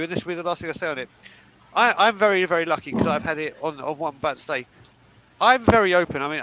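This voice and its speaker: A man's voice: on the high side, bright, forceful tone, a little hiss or hum, poor audio. A man co-hosting a podcast, talking bluntly and emphatically and swearing freely. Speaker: podcast co-host. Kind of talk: candid panel talk.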